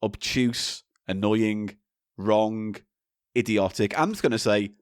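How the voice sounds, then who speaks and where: A man's voice: lowish voice, slow, clear, resonant tone, no room sound, clean studio sound. A man hosting a comedy podcast, bantering in a playful, silly way. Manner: playful, silly, lively delivery. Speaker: podcast host.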